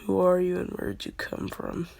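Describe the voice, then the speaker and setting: A woman's voice: lowish voice, little pitch movement, normal speed, creaky, a little mellow. A woman voicing a brash, towering young man who is a headstrong fighter, speaking bluntly. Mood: challenging. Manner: blunt, challenging.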